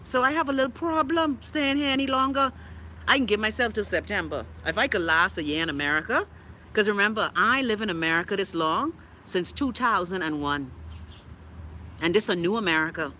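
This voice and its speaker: Bahamian lady on a livestream reading comments, loud mouth and cussing, bright punchy voice. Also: medium pitch, lively intonation, a little fast, slight background noise. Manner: outspoken, profane, sassy, laughs often. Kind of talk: casual live-stream chat.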